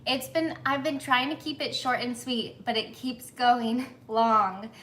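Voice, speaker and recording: A woman's voice: a little high, steady tone, measured pace, a bit bright, a little hiss or hum. A woman in her thirties hosting a live baking stream from her home kitchen, chatting with viewers, flustered and sweating from the humidity. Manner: chatty, apologetic, reads comments aloud. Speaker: baking livestream host. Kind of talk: casual live chat, greeting viewers.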